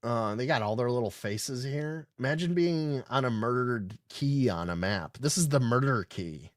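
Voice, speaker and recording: A man's voice: mid-range voice, lively intonation, moderate pace, no echo. Rambling sarcastic man, dry close mic. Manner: rambling, sarcastic, swears often. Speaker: podcast host. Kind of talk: casual live-stream commentary reading news aloud.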